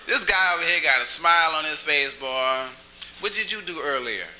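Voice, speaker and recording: This cafe comic speaks at normal speed in a slightly high, sharp-toned voice, captured on a low-quality recording. His stand-up leans on crowd work: chatty teasing, questions for the audience, and the odd crooned song.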